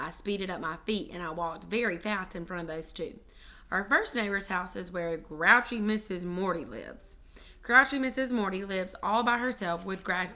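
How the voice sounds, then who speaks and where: A woman reads a children's chapter book aloud with a bright, clear voice. She tells it expressively and keeps going through small slips and restarts. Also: lowish voice. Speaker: reader.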